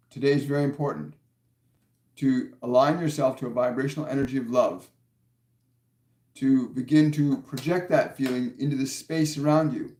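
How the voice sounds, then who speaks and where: A man's voice: mid-range voice, a little mellow. Casting note: a male spiritual medium on a live stream, earnest and insistent, mid-range voice, roomy echo. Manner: earnest, insistent, repeats key words for stress. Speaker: spiritual medium answering viewer questions.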